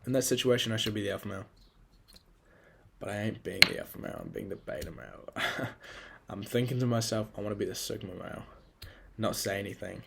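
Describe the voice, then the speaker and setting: Young guy, lowish voice, swearing loosely as he rambles alone on a podcast, hard on himself. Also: steady tone, fairly quick, creaky, pauses often, noisy background. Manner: rambling, profane, self-critical. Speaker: podcast host. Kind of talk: casual solo monologue.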